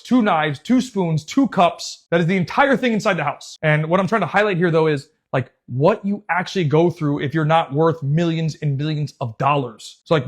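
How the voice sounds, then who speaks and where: Man, casual storytelling, slangy, swears a lot, fairly high voice. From United States. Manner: animated, swears a lot, says "bro" and "dude". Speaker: youth soccer coach and channel host.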